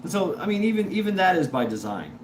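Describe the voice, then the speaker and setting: Chatty man with lively pitch over background noise. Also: a little fast. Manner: chuckling, stop-start, repeats words. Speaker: livestream host reading chat. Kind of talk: casual rambling livestream talk.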